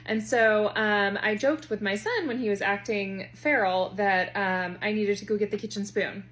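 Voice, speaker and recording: A woman's voice: mid-range voice, normal speed, a bit bright. Chatty woman telling classroom stories. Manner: chatty, confiding anecdotes with acted quotes. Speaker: comedian and teacher. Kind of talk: comedic storytelling.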